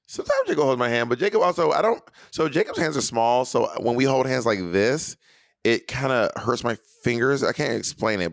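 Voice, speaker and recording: A man in his thirties from New York co-hosting a podcast in campy, animated casual chat. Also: medium pitch, gravelly. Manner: campy, animated storyteller, breaks into shouted stage hype. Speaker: podcast co-host.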